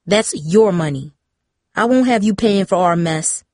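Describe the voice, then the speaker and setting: A woman's voice: medium pitch, expressive, a little slow, darkish tone, no room sound. A woman voicing a stern, exhausted pregnant mother who talks curtly and snaps, read in a dry, close audiobook recording. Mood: angry. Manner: curt, snapping, firm. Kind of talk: audiobook character reading.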